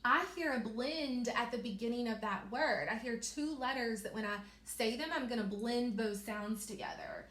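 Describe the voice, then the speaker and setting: A young woman teaching a reading lesson to young children, slowly stretching out letter sounds and praising them often. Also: on the high side, animated, a bit bright. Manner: encouraging, repeats words for children. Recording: echoey room.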